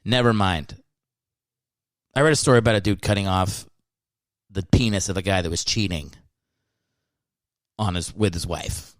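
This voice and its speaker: A man's voice: sits low, moderate pace, pauses often, dry recording. A man hosting a podcast, rambling through a casual monologue and poking fun at himself. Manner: rambling, self-mocking. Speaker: podcast host.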